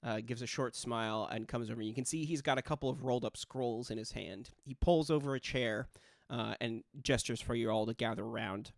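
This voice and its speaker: A man's voice: mid-range voice, fairly quick, vocal fry, few pauses, no room sound, studio quality. Casual man running a tabletop game. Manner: casual, with frequent fillers and self-corrections. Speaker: game master.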